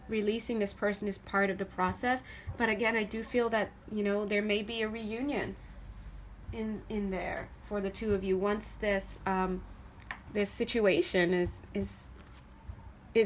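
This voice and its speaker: A woman doing a casual tarot reading to camera, chatty and animated, laughing often as she talks through the cards. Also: mid-range voice, slight background noise. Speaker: tarot reader.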